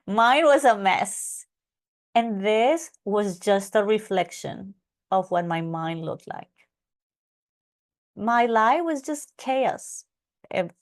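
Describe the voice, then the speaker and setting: A woman's voice: a little high, expressive, slow pace, pauses often. A woman coaching a live online class, acting out her own past thoughts and answering attendees by name. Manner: reads out attendee names from chat. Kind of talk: live webinar teaching.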